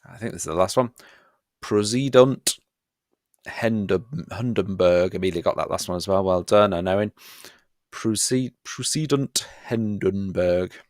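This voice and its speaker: A man with a very low voice leads a live online revision quiz for students. He is playful and pokes fun at himself, and his voice sounds dry and close. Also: normal speed, darkish tone, dry recording. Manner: playful and self-mocking, chuckles often. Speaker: history teacher.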